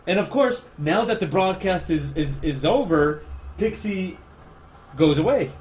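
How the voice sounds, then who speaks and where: A man's voice: high-pitched, expressive, a little slow, darkish tone, slight background noise. A man with a Spanish accent, a livestreaming artist chatting casually, rambling and self-deprecating as he answers chat.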